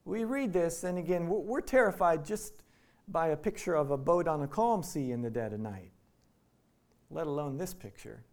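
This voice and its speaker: A man's voice: on the high side, lively intonation, moderate pace. A man from Iowa preaching a sermon in a conversational way, acting out the quoted lines. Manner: conversational, acts out quotes in voices. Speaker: pastor.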